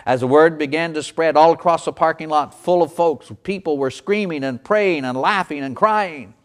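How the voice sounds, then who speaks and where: A man's voice: a little high, normal speed. A man preaching, telling a dramatic first-person story as a sermon illustration. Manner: dramatic storytelling, voicing the characters.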